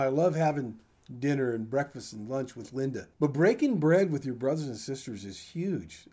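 A man's voice: medium pitch, dark tone. An older man preaching a sermon in a conversational, folksy way, with asides to his congregation. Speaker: pastor.

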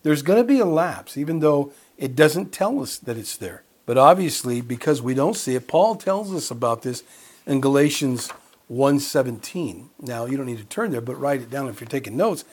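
Middle-aged man, pastor, sermon, husky voice, conversational storytelling. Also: mid-range voice, animated, normal speed. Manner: conversational, storytelling with quoted dialogue and laughs.

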